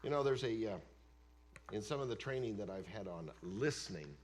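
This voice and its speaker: A man preaching a sermon as pastor of a church, emphatic, swinging between loud declarations and hushed asides. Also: lowish voice, lively intonation, normal speed. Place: church sanctuary.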